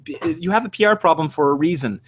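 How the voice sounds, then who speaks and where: A man's voice: fairly high pitch, animated, quick pace. A man co-hosting a casual podcast discussion, rambling, swearing freely and acting out the arguments he quotes. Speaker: podcast co-host.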